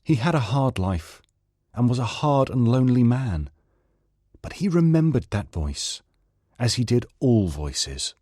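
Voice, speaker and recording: A man from Manchester, England, narrating a story with a lively, wide-ranging pitch. His delivery is dramatic and expressive. The recording is dry and close. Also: unhurried, no echo. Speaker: story reader. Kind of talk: audiobook narration.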